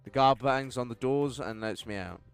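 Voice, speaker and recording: A man reading a text game aloud with wry commentary, swinging between deadpan narration and outbursts. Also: mid-range voice, normal speed, clean tone, soft background music. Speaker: game streamer.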